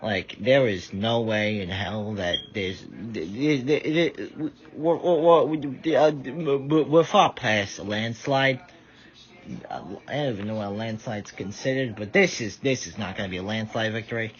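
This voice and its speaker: A man's voice: lowish voice, measured pace. A tired man giving rambling casual live commentary, stumbling over his words. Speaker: vlogger. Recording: dull lo-fi audio.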